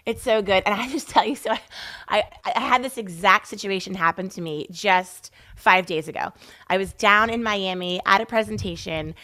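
Animated woman podcast host. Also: mid-range voice, normal speed. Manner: animated storyteller, emphatic. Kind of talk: casual interview chat.

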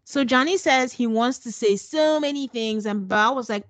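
A woman's voice: a little high, moderate pace, dry recording. Dry-miked sarcastic woman recapping. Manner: sarcastic, animated storytelling with acted quotes. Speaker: podcast co-host. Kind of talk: casual recap chat.

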